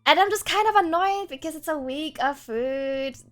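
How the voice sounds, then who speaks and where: A woman's voice: high-pitched, normal speed, faint music behind. A woman streamer chatting casually with her viewers, laughing often and rambling with restarts.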